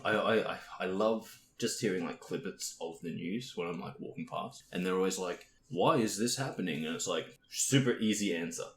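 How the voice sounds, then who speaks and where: A man's voice: deep voice, normal speed, hardly any pauses. A young man co-hosting a podcast, telling stories in casual chat, laughing often, swearing and acting out the other people in his stories. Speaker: podcast co-host. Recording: roomy echo with faint noise.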